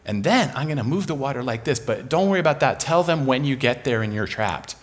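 A man voicing God calmly laying out a plan within a sermon. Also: medium pitch, a little fast, big-room sound, voice pushed down, natural voice. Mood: matter-of-fact.

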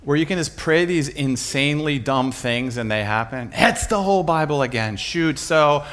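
A man's voice: a little high, moderate pace. Middle-aged man telling a funny sermon story. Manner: lively, self-mocking, breaks into laughter.

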